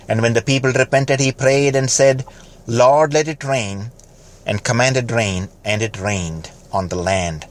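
A man preaching a fervent sermon, building to loud exhortation and dropping to quiet, slowed lines. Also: on the low side. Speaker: pastor.

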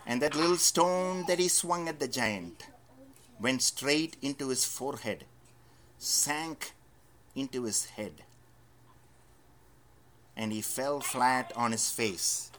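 A man preaching a sermon, telling a Bible story in a lively storytelling way, swinging from loud emphasis to soft asides. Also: medium pitch, slow pace, pauses often.

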